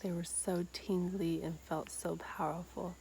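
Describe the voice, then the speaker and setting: A woman's voice: fairly low pitch, level tone, a little slow. A young woman talking casually to her camera in a video diary, often dropping to a whisper and saying "like" a lot. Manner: soft-spoken, often whispering, many "like" fillers. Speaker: vlogger. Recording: clear outdoor insect noise.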